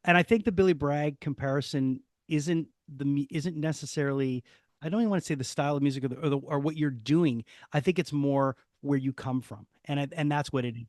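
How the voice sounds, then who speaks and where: A man's voice: fairly high pitch, a little fast, darkish tone, no echo, studio quality. A male podcast host chatting casually, repeating words as he works out his thoughts. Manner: searching, repeats words while forming thoughts. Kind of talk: casual interview chat.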